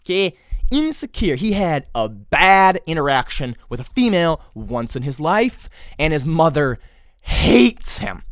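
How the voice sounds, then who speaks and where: A man's voice: fairly high pitch, a bit bright, no echo, clean studio sound. A man hosting a solo podcast, ranting sarcastically with crude jokes and mock exasperation. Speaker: podcast host.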